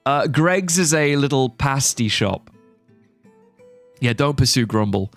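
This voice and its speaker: A man livestreaming a game in casual chat, excitable and laughing often, with quick exclamations. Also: mid-range voice, soft background music. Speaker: live streamer.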